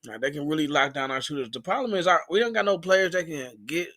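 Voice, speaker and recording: A man's voice: a little high, fast, pushed and bright, dry recording, studio quality. A man calling into a fan stream, rambling through frustrated casual sports talk.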